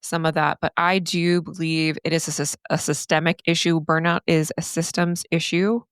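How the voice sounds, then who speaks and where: A middle-aged woman hosts a solo podcast, talking to her listeners in an earnest, candid and animated way. Her voice sits slightly low for a woman. The recording is dry and close, with no room sound. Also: no echo. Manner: earnest, candid, animated, casual swearing and laughs. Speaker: podcast host and therapist coach.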